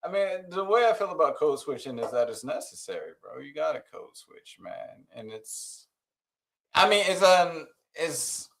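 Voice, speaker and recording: A man's voice: fairly high pitch, big pitch swings, moderate pace, creaky, fairly bright tone. A man co-hosting a podcast, telling a workplace story in a casual, laughing way and trailing off with "you know". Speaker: podcast co-host.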